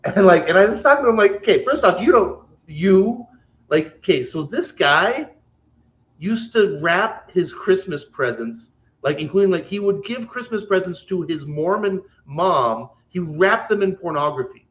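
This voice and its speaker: A man's voice: high-pitched, animated, moderate pace, fairly bright tone. A man co-hosting a podcast, telling stories in a rambling casual way and laughing as he goes. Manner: rambling, laughs through his stories, many fillers. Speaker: podcast co-host. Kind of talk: casual chat, storytelling. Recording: dull lo-fi audio.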